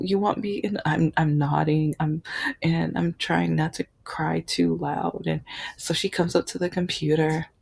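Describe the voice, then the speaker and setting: Slow, gravelly-voiced woman telling a story. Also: deep voice, darkish tone. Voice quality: gravelly, husky. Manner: halting, many restarts, emotional. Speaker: vlogger. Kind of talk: personal storytelling.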